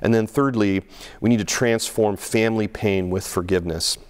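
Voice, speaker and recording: A middle-aged male pastor gives a conversational sermon in a smooth voice at a moderate pace. He often restarts and repeats words, and he acts out quotes by raising his voice and pitch.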